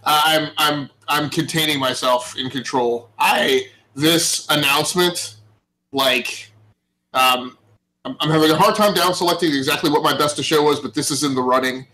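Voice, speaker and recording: A man co-hosting a gaming podcast in casual chat, excited and full of stammering restarts. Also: a little high, normal speed, rough recording. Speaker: podcast co-host.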